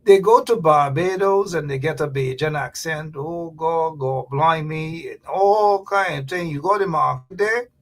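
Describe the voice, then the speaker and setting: Gravelly talk show host. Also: male voice, a little high, normal speed, few pauses. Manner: animated, chatty, drops to a whisper for asides. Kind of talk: casual livestream talk show monologue.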